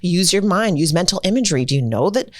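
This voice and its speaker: Low-voiced woman coach talking fast in an interview, energetic teacher vibe, dry close sound. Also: no echo. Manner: energetic and emphatic, teacherly explaining. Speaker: self-esteem coach, podcast guest. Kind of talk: conversational interview.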